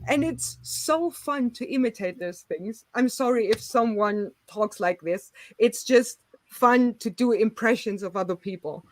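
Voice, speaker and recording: A woman's voice: medium pitch, measured pace, no echo, low-quality recording. A woman from Germany, chatting casually as host on a group video call, giggling often.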